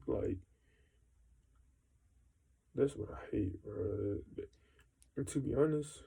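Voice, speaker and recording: A young man rambles through a frustrated, slang-heavy rant, swearing freely as he talks straight to the camera. His voice is very dark and gravelly, with a husky edge. His pitch sits in the middle range for a man. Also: animated, a little slow, pauses often, rough recording. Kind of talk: casual venting monologue.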